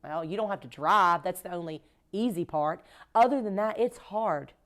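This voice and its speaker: A woman with a somewhat low-pitched voice talks as a podcast guest. She tells her stories with emphasis, often acting out what people said. It is easy, casual interview conversation. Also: expressive, normal speed, fairly bright tone. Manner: emphatic storyteller, acts out quoted dialogue. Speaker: cleaning company owner, guest. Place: podcast recording.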